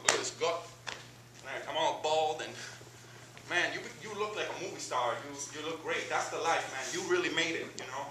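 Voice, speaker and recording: A man on stage playing an excited, bald, paunchy old friend who gushes and keeps saying "bro" and "man". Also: fairly high pitch, a little fast, distant mic. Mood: rueful. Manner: gushing, repeats "bro" and "man". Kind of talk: stage monologue. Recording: roomy stage taped from afar, noisy.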